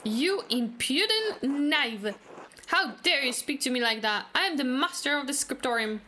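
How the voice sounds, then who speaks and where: Brief: stern, haughty male prior scolding his monks, as a woman puts him on, bright pointed voice. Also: high voice, expressive, a little slow, slight background noise, exaggerated voice. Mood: indignant.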